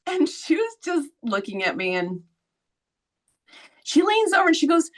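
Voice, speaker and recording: A woman hosting a podcast, telling a story in a casual, blunt way, swearing freely and acting out quoted voices with sudden high jumps. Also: big pitch swings, normal speed, long pauses. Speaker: podcast host.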